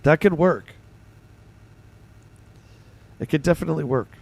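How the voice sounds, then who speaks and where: A Canadian man with a Canadian accent hosts a livestream, chatting casually as he reads and replies to his chat. His voice is a little high and a little mellow, with vocal fry and an unhurried pace.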